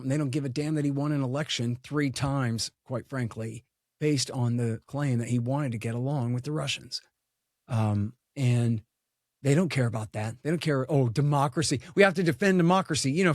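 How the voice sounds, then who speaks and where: A man's voice: mid-range voice, a little mellow, dry recording, studio quality. A man giving a blunt, digressive interview answer, with many fillers and lost threads as he talks. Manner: blunt, digressive, loses his count, fillers. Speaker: guest foreign policy commentator. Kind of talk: unscripted interview talk.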